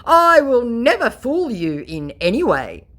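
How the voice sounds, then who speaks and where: A boastful, insulting male con artist drawls his lines slowly, as a woman reads them aloud. The voice sits higher than her usual and leaps around in pitch. It sounds like a mocking imitation rather than a real man. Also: sing-song, fairly bright tone. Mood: sneering. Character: rude male online scammer, boastful and insulting.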